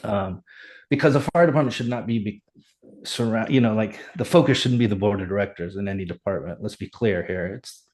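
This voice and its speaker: A middle-aged man, a fire chief, telling his story in an animated, earnest way as a podcast guest. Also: lowish voice, a little fast. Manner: animated, earnest, reenacts dialogue. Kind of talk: conversational storytelling.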